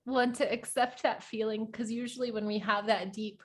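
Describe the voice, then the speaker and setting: A woman being interviewed as a guest, speaking reflectively and often pausing to search for the right words. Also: on the high side, steady tone. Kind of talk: conversational interview.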